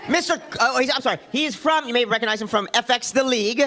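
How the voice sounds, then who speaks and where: Fast, bright-voiced male club emcee. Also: extremely high pitch, slight background noise. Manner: stumbling, apologetic, then hyping the crowd. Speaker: emcee introducing a comic. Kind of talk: stage introduction. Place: comedy club stage.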